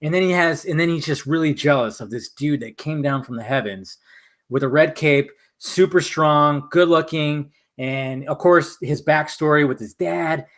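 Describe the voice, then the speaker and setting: Male stream host, slightly high voice, tipsy, loose and profane, rambling. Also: normal speed. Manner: animated, profane, rambling with restarts. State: tipsy from vodka. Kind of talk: casual film chat on a drinking stream.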